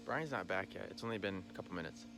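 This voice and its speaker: A man's voice: low-pitched, lively intonation, quick pace, fairly bright tone. A young man, a farmer, talking casually to the camera in a vlog with chatty, joking asides. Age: young adult.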